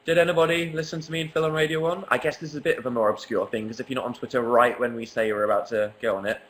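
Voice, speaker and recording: A man's voice: medium pitch, fairly even intonation, racing, fairly bright tone, a little hiss or hum, rough recording. Wry young English guy livestreaming. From England. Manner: wry, sarcastic, self-mocking. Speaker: livestream host. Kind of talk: casual livestream chat reading comments. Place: apartment living room.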